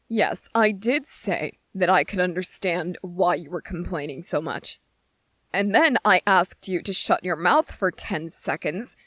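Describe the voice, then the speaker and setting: A woman's voice: fairly low pitch, a bit bright, no room sound. A woman voicing an irritable young male soldier trainee in a whispered role-play, speaking with biting sarcasm and strained patience. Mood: exasperated.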